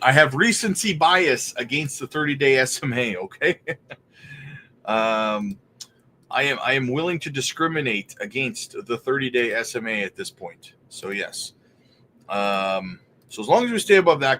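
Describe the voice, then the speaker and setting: A man's voice: medium pitch, a little hiss or hum. A man hosting a casual livestream, chatting loosely and greeting viewers by name as he goes. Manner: relaxed, laughs between remarks. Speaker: crypto livestream host.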